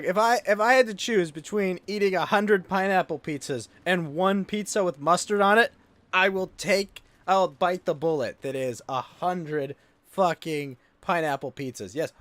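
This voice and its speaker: Gaming on a livestream, this male streamer chats casually but keeps ranting, exasperated and swearing freely. He has a high voice, and the recording has no room sound.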